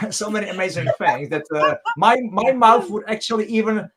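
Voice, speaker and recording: A man's voice: high-pitched, brisk, over a noisy crowd. A man whose first language is Czech, talking on an online panel in a rambling, hesitant way. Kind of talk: casual panel chat.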